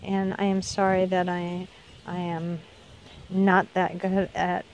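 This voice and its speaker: Her voice is fairly low, level, slow, and darkish, recorded with the highs cut off and a little hiss or hum. A middle-aged vlogger, unwell and hiccuping, she rambles through a casual tour of her backyard garden, correcting herself as she goes.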